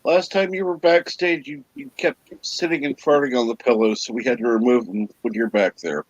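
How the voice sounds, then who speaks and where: Husky man on a dull, dry line. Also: medium pitch, brisk, no room sound. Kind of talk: casual panel chat.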